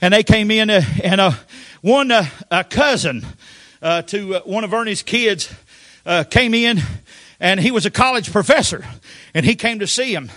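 An older man preaching a Pentecostal sermon, telling folksy stories with frequent amens and sudden shouted outbursts. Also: sits high, animated, normal speed, dry recording, studio quality.

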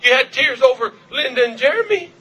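A man preaching a revival sermon, fervent, repeating his questions and shouting at the peaks. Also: very high voice, animated, fairly quick, breathy edge. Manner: fervent, shouting at peaks, repetitive calls to the congregation. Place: church service.

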